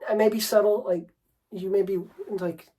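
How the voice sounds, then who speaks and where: A man's voice: high voice, steady tone, measured pace, warm tone, poor audio. A man coaching on dating, talking unscripted to the camera in a brash, swearing, rambling way, and calling the listener bro and dude.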